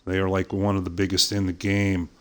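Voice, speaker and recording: Middle-aged man, softened Pittsburgh accent, lowish smooth voice, chatty game streamer who leans on "uh" fillers. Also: flat delivery, a little fast. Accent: softened Pittsburgh American. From southwest Pennsylvania, USA. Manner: chatty, frequent "uh" fillers, easy laughs. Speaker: streamer playing a hunting game. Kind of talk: casual live-stream commentary.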